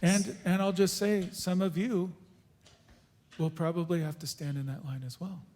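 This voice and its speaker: Earnest male speaker telling his story, a little high-pitched, echoing church hall. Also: little pitch movement, darkish tone. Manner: earnest, halting, with restarts. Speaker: guest speaker. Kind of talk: conference Q&A testimony. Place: church auditorium.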